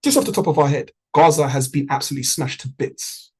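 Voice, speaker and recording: A man's voice: on the high side, expressive, quick pace, breathy edge, rough recording. A man leading a trading community on a group video call. He talks in a punchy, motivational way and repeats lines for emphasis.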